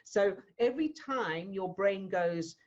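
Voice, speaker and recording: A woman coach guiding a client in a one-to-one session, gentle and reassuring, asking questions. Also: mid-range voice, expressive, slow, highs cut off. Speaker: emotional fitness coach.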